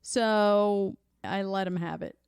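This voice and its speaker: A woman's voice: mid-range voice, fairly even intonation, slow, vocal fry, a little mellow, a little hiss or hum. A woman co-hosting a podcast, chatting casually and acting out quotes as she tells family stories. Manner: chatty storyteller, acts out quotes. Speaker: podcast co-host. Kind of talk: casual chat.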